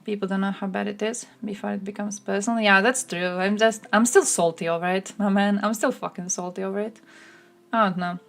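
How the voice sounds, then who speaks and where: Woman streamer, casual rant, salty and profane, mid-pitched voice. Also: steady tone, brisk, creaky. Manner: blunt, sarcastic, swears often; mocks others in put-on voices. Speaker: streamer reacting to chat. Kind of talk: casual livestream commentary.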